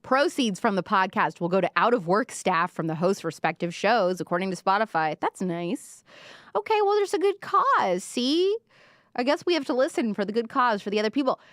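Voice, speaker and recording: A woman's voice: medium pitch, expressive, brisk, hardly any pauses, no echo, clean studio sound. A woman hosting a live-stream commentary show, talking sarcastically and mockingly. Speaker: podcast host.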